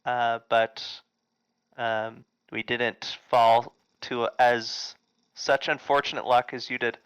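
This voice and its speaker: A man's voice: medium pitch, flat delivery, slow pace, a bit bright, clean tone, low-quality recording. A man playing a tabletop game, easygoing and slipping in and out of character. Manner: easygoing, laughs between lines, speaks in character. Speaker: player. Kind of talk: tabletop game role-play.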